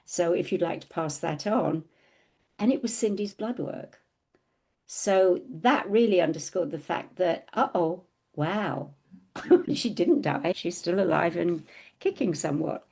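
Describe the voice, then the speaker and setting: Woman, middle-aged, low pitched, gravelly, animated personal storytelling on a podcast. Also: a little slow. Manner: animated storyteller who acts out quoted dialogue with laughs. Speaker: podcast co-host telling her story. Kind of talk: storytelling in casual chat.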